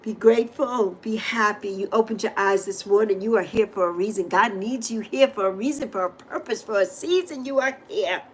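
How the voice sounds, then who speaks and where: A woman's voice: mid-range voice, a little fast, few pauses, breathy edge. A middle-aged woman hosting a livestream, talking to viewers in an effusive, emotional, repetitive way into a microphone. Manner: speaks directly to viewers. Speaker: livestream host. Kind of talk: heartfelt livestream chat. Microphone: desk microphone.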